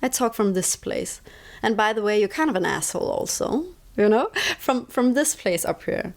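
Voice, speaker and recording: A Danish-accented woman talking as an interview guest, explaining her views in a reflective, conversational way. She leans on repeated words for emphasis, and her voice sits at an ordinary middle pitch for a woman. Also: lively intonation, normal speed. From Denmark. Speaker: interview guest, stress coach.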